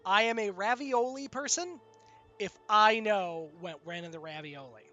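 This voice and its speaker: High-voiced man chatting halting on stream. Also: bright, forceful tone, muffled recording, soft background music. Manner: halting, many restarts and fillers. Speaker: game streamer. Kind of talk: casual chat while gaming.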